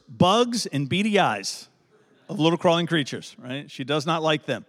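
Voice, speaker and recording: A middle-aged man preaching a sermon in a lively, conversational way, checking in with the congregation as he tells a story. His voice sits high for a man. The sound carries the long reverb of a large church hall. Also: normal speed. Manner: animated, conversational, asks "right?" often. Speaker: pastor.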